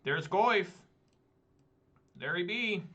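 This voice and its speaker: A man's voice: high voice, lively intonation, drawn-out words, pushed and bright, lo-fi sound. A man giving casual gameplay commentary as he plays, talking to himself and swearing often. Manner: swears often, talks to himself while playing. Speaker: gameplay streamer.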